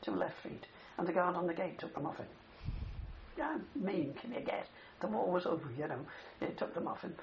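A crowd murmurs behind an older man recounting a long wartime memory in an oral history interview. His high, gravelly voice is expressive at a moderate pace, and he keeps adding "you see." The recording is dull and faintly hissy.

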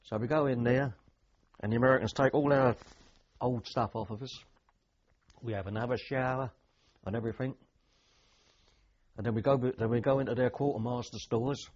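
A man's voice: medium pitch, steady tone, moderate pace, long pauses, darkish tone, muffled recording. An older man, a veteran telling rambling anecdotes with dry humour in an oral history interview.

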